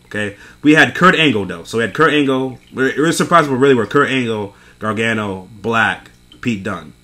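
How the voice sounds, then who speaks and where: A man's voice: medium pitch, moderate pace, sharp tone. A young man recapping a wrestling event in a casual, profane rant, exasperated and laughing between points. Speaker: wrestling show reviewer.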